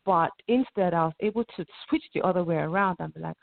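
Gravelly-voiced woman on a tinny line. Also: fairly low pitch, fast, few pauses, no echo. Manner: reflective, quotes her own inner talk. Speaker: guest. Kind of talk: conversational interview.

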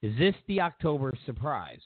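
A man's voice: medium pitch, very animated, normal speed, dry recording. A male talk show host telling a rambling story in a casual monologue, full of restarts and fillers. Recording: tinny phone-like line.

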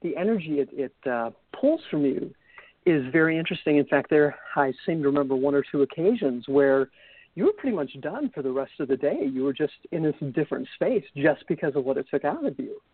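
A man's voice: fairly high pitch, lively intonation, no room sound. Slightly breathless man on a dry phone line. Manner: halting, stumbles over words. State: a little out of breath. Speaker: host. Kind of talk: casual interview talk.

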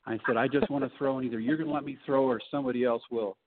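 A man's voice: medium pitch, steady tone, rapid-fire. A middle-aged man telling his story as a podcast guest in a folksy way, acting out the people he quotes. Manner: folksy, acts out quoted voices. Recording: tinny phone-like line.

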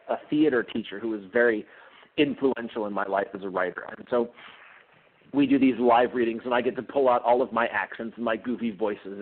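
A man guesting on an interview show, talking with eager energy and stumbling through fillers and restarts. His voice sits at an ordinary middle pitch. It comes through a narrow, phone-like line. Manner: enthusiastic, with frequent fillers and restarts. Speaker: guest author. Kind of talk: casual interview chat. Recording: tinny phone-line sound.

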